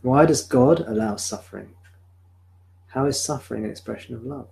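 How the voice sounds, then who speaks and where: Male spiritual teacher, calm and reflective, live-streamed home satsang, close sensitive desk mic. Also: mid-range voice, vocal fry, slight background noise, rough recording. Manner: calm, reflective, answers viewer questions slowly. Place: home room. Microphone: sensitive desk microphone.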